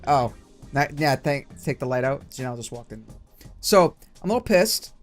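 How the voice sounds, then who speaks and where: A man's voice: mid-range voice, animated, normal speed, faint music behind. A young man hosting a casual let's play, ranting with heavy swearing. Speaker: gaming channel host.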